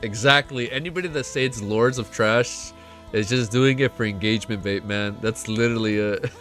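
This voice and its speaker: Bright-voiced, stuffy-nosed young male streamer. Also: lowish voice, normal speed, soft background music. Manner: excitable, swears a lot, laughs often. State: stuffy nose, close to tears. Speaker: streamer reacting to a web novel. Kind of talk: live-stream reaction, reading aloud and chatting.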